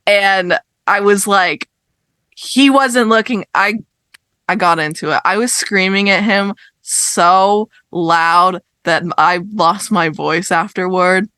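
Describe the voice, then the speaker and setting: A young woman co-hosting a podcast, telling a story in casual chat, animated and exasperated, swearing as she rants. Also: medium pitch, slow, clear, resonant tone, dry recording. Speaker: podcast co-host.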